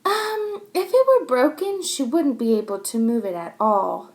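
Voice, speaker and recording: A woman voicing an excitable young schoolboy in a storybook reading, eager and knowing. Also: sits high, a little slow.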